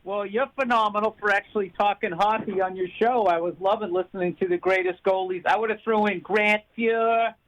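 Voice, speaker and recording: A man's voice: high voice, steady tone, brisk, few pauses, a bit bright, rough recording. A man, a comedian guest, chatting easily on a radio talk show from a remote line. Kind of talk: casual interview chat.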